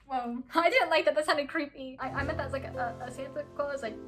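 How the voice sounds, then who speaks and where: A young woman chats through confessions in a high, bright-toned voice, laughing often and reacting with big dramatic swings. Loud music plays behind her the whole time. It is a casual vlog delivery. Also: fairly quick. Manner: animated, giggly, dramatic reactions. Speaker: vlogger reading confessions. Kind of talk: casual chat.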